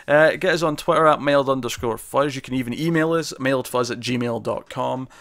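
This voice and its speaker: Scottish guy chatting about a tv show, rambles a lot, mid pitch. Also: brisk, vocal fry, fairly bright tone, dry recording. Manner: chatty and rambling, laughs often. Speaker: co-host of a TV review show. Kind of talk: casual review chat.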